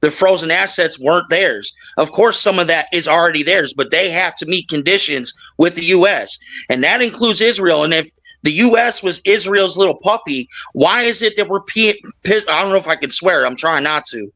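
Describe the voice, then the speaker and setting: A man's voice: sits high, moderate pace, bright, forceful tone, poor audio. A man arguing on a political panel, blunt and dismissive, swearing casually. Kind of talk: heated panel debate.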